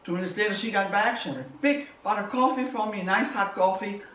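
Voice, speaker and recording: A woman's voice: medium pitch, brisk, fairly bright tone, slight background noise. A woman, giving a personal testimony as a war survivor and telling it vividly with repeated words. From Belgium. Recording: roomy, distant mic, faint ambience.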